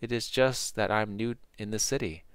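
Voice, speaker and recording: A man's voice: fairly low pitch, normal speed, smooth, no echo, lightly acted. A man voicing a young male rogue, new in the city, talking hesitantly and stammering.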